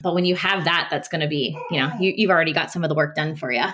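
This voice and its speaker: A woman's voice: sits low, fast talker, a bit bright. A woman speech-language pathologist talking earnestly and passionately as a podcast guest, with frequent restarts and fillers. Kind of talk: casual podcast interview.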